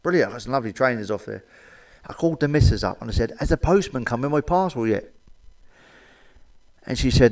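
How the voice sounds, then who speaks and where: A middle-aged man reels off blunt, filthy one-liners, swearing freely. His voice sits at an ordinary middle pitch, and he chuckles at his own jokes. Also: lively intonation, a little fast, darkish tone. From England. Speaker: comedian. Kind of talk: stand-up joke telling to camera.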